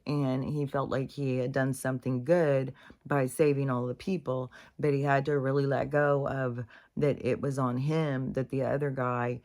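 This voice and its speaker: A woman's voice: a bass voice, little pitch movement, moderate pace, darkish tone. Candid woman musing on healing. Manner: candid, swears freely, restarts often. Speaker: healing and spirituality speaker. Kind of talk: casual spiritual monologue.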